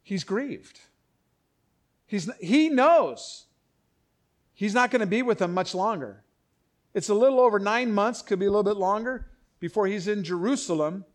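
A man teaching a Bible passage in a conversational sermon, animated and acting out the voices, often breaking off and restarting. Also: high-pitched.

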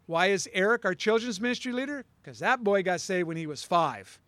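A man's voice: high voice, fairly quick, few pauses, pushed and bright, no room sound. A male pastor preaching a conversational sermon, acting out dialogue as he tells stories.

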